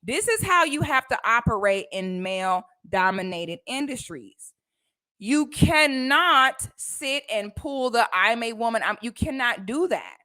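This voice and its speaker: A woman vlogger telling a personal story to camera in casual, slangy speech. She acts out the people in her story with animated quotes. Her voice sits fairly high and sounds bright and forceful. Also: slow pace.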